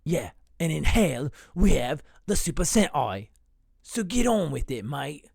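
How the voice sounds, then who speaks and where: A man's voice: fairly high pitch, big pitch swings, measured pace, gravelly, darkish tone, no room sound, studio quality, voice pushed up, heavily acted. A man voicing a cheeky demon roommate from hell with a put-on British accent, mocking and pushy. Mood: cocky.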